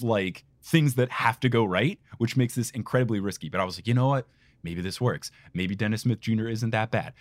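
A man's voice: medium pitch, no room sound. A young man co-hosting a casual podcast, talking animatedly and ranting about his favorite team. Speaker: podcast co-host.

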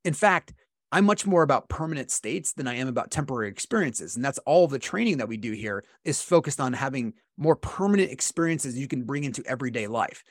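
A man co-hosting a podcast, explaining meditation in a relaxed conversational way, often checking in with "right?" and acting out his inner dialogue. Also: mid-range voice, no echo, clean studio sound. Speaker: podcast co-host teaching meditation. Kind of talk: casual explanatory podcast talk.

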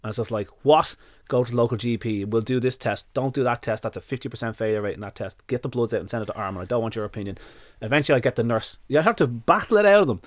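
This podcast guest, interviewed as a dog nutrition expert, talks very fast at a medium pitch on a dry recording. He relays events through quoted exchanges and swears casually throughout.

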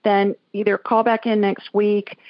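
A woman's voice: medium pitch, flat delivery, a little slow, no echo. A woman from Alabama, hosting a call-in radio show in a folksy, chatty way. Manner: chatty, folksy, laughs often. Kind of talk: casual call-in radio chat. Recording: dull lo-fi audio.

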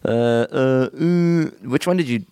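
A man co-hosting a comedy podcast, reading a listener's email aloud in a casual, lively way with laughing asides. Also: medium pitch, slow, clear, resonant tone, dry recording. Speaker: podcast co-host.

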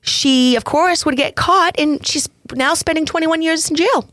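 A woman with a Massachusetts accent co-hosting a podcast, telling crime stories in playful, animated casual banter. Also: high-pitched, a little slow, no echo, studio quality. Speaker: podcast co-host.

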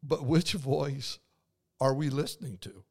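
Gravelly-voiced man giving a devotional talk. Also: medium pitch, measured pace. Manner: earnest, conversational, with frequent restarts. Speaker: podcast host and preacher.

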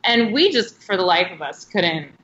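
A chatty woman in her late thirties tells her stories in a bright, forward voice, leaning on "like" at every turn. Her audio sounds roomy and a little muffled, as if it came over a remote link. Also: on the low side, sing-song, normal speed, slight background noise. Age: late 30s. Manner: chatty storyteller, heavy use of "like". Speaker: podcast guest. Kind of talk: casual interview chat.

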